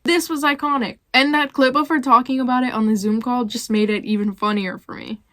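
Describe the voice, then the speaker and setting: A woman's voice: fairly high pitch, fairly even intonation, fairly quick, fairly bright tone, dry recording, clean studio sound. A young woman giving blunt, opinionated commentary with casual swearing as a video host. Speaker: YouTuber ranking reality show cast.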